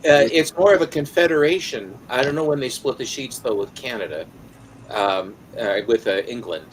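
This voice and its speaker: A man's voice: medium pitch, moderate pace, a little hiss or hum, poor audio. Rambling American man chatting casually. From United States. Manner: rambling, hesitant with many fillers. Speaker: podcast co-host. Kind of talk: casual chat.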